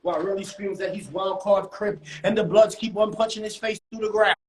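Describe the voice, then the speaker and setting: Guy with a high voice telling a wild story, repeats himself, echoey room. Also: fairly quick. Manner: animated, repetitive, dramatic outbursts. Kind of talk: comic street storytelling. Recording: roomy echo.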